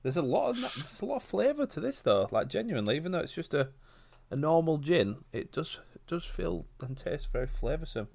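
A man's voice: on the high side, big pitch swings, brisk, gravelly, a little mellow, a little hiss or hum. An English man co-hosting a podcast, talking in a matter-of-fact way and teasing with swearing. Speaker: podcast co-host. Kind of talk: casual banter.

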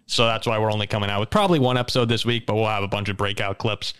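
A young man hosting a casual sports talk show, telling stories in a lively way, often laughing and restarting his sentences. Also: on the low side, rapid-fire, smooth. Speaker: show host.

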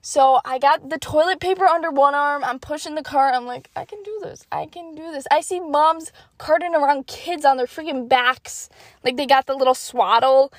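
An eighteen-year-old woman telling a story in a casual, animated way, acting out her thoughts in hushed asides. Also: sits high, normal speed, no room sound. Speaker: vlogger.

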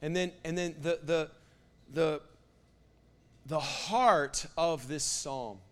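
A young man preaching with a high, bright voice. He speaks in a loose, conversational way, full of "like" and restarts, then rises into loud, fervent proclamations as he works himself up. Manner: impassioned, builds to loud prophetic declarations with fillers like "like". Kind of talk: sermon.

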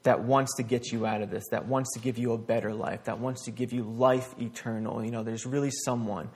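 A young man preaching a casual sermon, reading scripture aloud and explaining it in a conversational, halting way with many restarts. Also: mid-range voice, little pitch movement, a little mellow.

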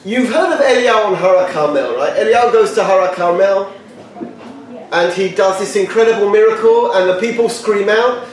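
A man giving a lively Torah talk to a live group, joking and quizzing his listeners by name. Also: high-pitched, moderate pace, recorded from a distance. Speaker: Torah teacher. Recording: echoey room picked up from afar.

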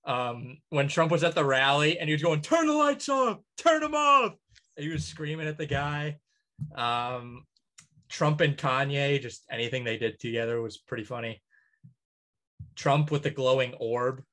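A man's voice: medium pitch, fairly even intonation, moderate pace, a bit bright. Rambling man listing things casually. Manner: rambling list with many ums, chuckling. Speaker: podcast co-host. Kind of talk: casual chat.

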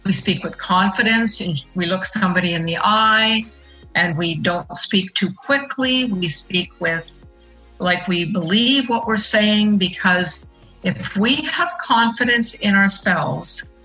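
A middle-aged woman with a bright, forceful voice explains her points earnestly in an interview and leans hard on the key words. Faint music plays quietly underneath. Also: medium pitch, slow pace, poor audio. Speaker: guest. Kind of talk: interview answer.

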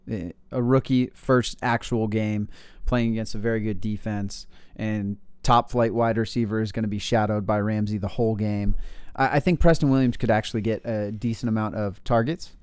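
Lowish smooth voiced guy, blunt football opinions, dry sound. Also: moderate pace, a little mellow, dry recording. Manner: blunt, opinionated, with stammered restarts. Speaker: podcast co-host. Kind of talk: casual fantasy football chat.

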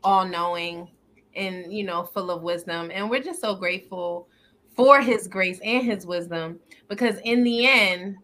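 A woman's voice: mid-range voice, a little slow, fairly bright tone. A woman co-hosting a faith podcast in casual chat, earnest and upbeat, laughing often. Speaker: podcast co-host.

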